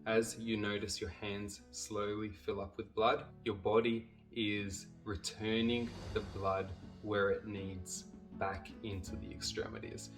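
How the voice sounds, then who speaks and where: A man calmly guiding viewers step by step through a hand-tension exercise, speaking straight to them. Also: lowish voice, unhurried, far from the mic. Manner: calm, steady, talks viewers through each step. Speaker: somatic exercise instructor. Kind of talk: guided exercise instruction to camera. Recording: voice a little off-mic, music behind.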